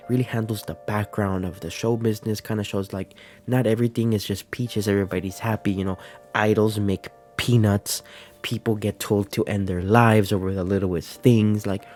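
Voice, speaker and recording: A man's voice: on the low side, warm tone. A man giving casual, earnest commentary on an anime episode, emotional and full of fillers. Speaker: anime reviewer.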